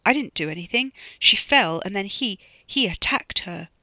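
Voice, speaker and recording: A desperate young man hisses and pleads his way through a lie, as an author reading an audiobook puts him on. The tone stays bright and forceful, close and dry with no room sound. His words come through gritted teeth. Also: medium pitch, expressive, moderate pace, dry recording. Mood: pleading. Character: panicking young man covering up a killing.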